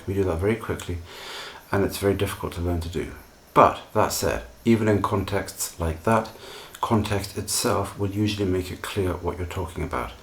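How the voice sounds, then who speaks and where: Deep-voiced pronunciation teacher. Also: male voice. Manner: measured, reassuring explanations. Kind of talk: solo video lesson.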